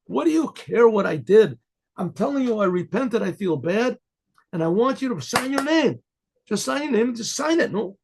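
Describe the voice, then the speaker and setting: A man's voice: high voice, moderate pace, gravelly, noisy background, pitched above the performer's own voice. A man doing a frantic, begging man pleading for his coat.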